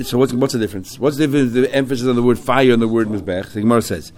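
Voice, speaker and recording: A man's voice: medium pitch, quick pace, few pauses, darkish tone. Man, Talmud teacher, chanting Hebrew phrases, explaining each in English. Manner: explains line by line, switching between Hebrew terms and English. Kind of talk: Talmud study class.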